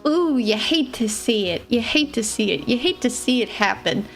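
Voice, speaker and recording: A woman's voice: on the high side, expressive, normal speed, soft background music. A young woman streamer telling a story to her live chat in a casual, rambling way, giggling often and joking about herself. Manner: giggly and rambling, laughs often between phrases; self-deprecating, playful. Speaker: VTuber streamer.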